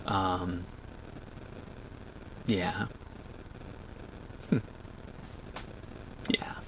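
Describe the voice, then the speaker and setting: A man in his thirties hosts a livestream, reading viewer comments aloud and discussing them in an emotional, casual chat. Choked up and laughing through tears, he restarts haltingly. His mid-range voice is gravelly and a bit bright, with slight background noise.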